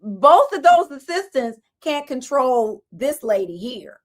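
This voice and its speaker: A woman co-hosting a podcast, telling a story in casual chat with animated, teasing fussing. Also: high-pitched, slow pace. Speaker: podcast co-host.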